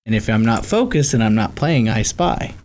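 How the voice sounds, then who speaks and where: Male horse trainer guest, lively swinging delivery, faint noise behind him. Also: fairly low pitch, moderate pace. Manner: animated storyteller, polite. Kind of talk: casual talk show chat.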